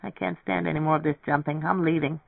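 A reader voicing a bitter, withdrawn young man who speaks low and quiet, over a tinny, dry radio recording. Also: steady tone, quick pace, vocal fry, no echo.

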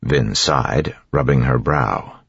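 Very deep husky male audiobook reader, steady delivery, dry and dull recording. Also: slow, no room sound. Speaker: audiobook narrator. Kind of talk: scripted narration. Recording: dull, dry studio sound.

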